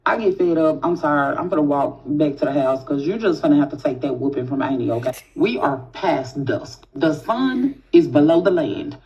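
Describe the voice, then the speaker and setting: A woman telling a spooky childhood story in a casual, animated way, swearing freely and talking straight to her listeners. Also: low voice, normal speed, few pauses. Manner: animated, profane, talks straight to the audience. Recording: dull lo-fi audio.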